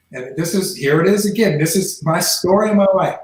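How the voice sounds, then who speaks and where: This podcast guest, a man in his forties who once played pro football, recounts his life and performs the voices in the conversations he retells. He speaks a little fast in a high register, in an echoey room.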